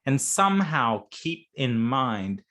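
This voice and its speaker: A male coach speaks slowly and without hurry, and his pitch swings widely from line to line. He is playful, laughs often and acts out small scenes as he talks. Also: big pitch swings, pushed and bright. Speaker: coach and interview guest. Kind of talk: conversational coaching talk.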